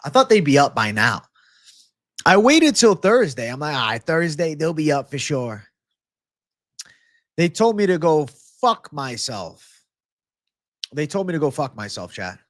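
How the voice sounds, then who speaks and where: A man hosts a live stream of MMA betting picks, talking to his chat in an unhurried drawl. He is frustrated, swears often and keeps circling back to his complaints. The sound is dry and close, with no room echo. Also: a little high, very animated. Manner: frustrated, profane, ranting to chat. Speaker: MMA betting show host.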